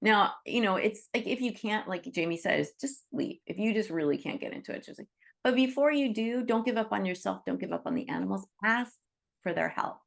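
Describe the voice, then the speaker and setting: A woman's voice: mid-range voice, animated, a little fast, vocal fry. A woman leading an online Reiki group by video call, talking in an earnest, reassuring way with many "you know"s. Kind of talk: teaching talk to an online group.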